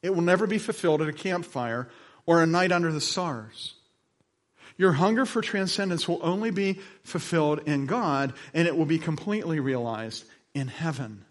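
A male pastor preaching a sermon, moving from quiet, slow passages to loud, emphatic ones, with chatty asides as he tells stories. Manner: dynamic delivery, swinging between soft lows and emphatic highs; conversational storytelling with asides.

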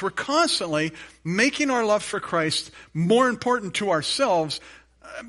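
Bright-voiced man preaching a sermon. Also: sits high. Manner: emphatic preaching with repeated phrases; asides with light humor to the congregation. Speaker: pastor.

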